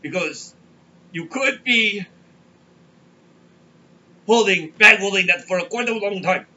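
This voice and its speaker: A man's voice: sits high, slow, sharp tone, highs cut off. A man hosting a comedic crypto show, rambling and kvetching as he tells stories. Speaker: podcast host. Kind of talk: comedic crypto market monologue.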